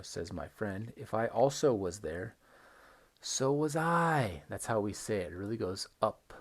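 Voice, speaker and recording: A man teaching an English lesson on video, modeling intonation slowly and emphatically and checking in with "right?" between examples. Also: fairly low pitch, vocal fry, a little mellow. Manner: repeats words for stress, frequent "right?" checks. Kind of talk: recorded online lesson.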